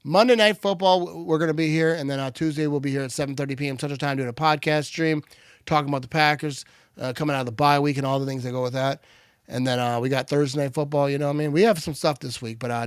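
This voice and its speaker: A man hosting a live game watch party, switching between excited play-by-play calls and relaxed chat. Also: medium pitch, a little fast, no room sound, clean studio sound. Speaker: livestream watch party host.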